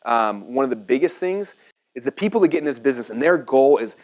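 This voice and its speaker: A man's voice: medium pitch, expressive, fast talker, darkish tone. A man in his thirties giving a live seminar talk to a room, casual and full of "like" and restarts. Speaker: seminar presenter.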